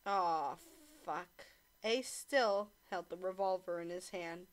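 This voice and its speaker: A woman's voice: on the low side, measured pace. A young woman casually reading a visual novel aloud, swearing and joking between lines. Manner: swears, laughs, breaks off to joke. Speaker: streamer narrating a visual novel. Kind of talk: casual read-along narration.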